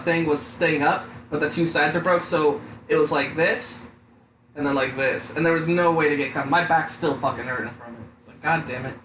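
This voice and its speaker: Young guy rambling and cussing, says dude a lot, kinda high voice, echoey room. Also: pushed and bright. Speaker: podcast co-host. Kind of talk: casual profane chat. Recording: echoey room with faint noise.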